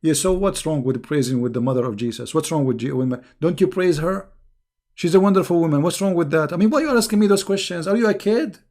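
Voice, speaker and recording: Man, somewhat high voice with gravelly fry, emphatic, scolding stream host who repeats himself. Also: darkish tone. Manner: restarts often, repeating words. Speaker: online show host answering viewer questions. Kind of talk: live stream Q&A commentary.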